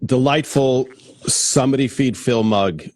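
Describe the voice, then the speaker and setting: A man hosting a casual interview over a video call, with quick asides and easy laughs. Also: medium pitch, darkish tone. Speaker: host.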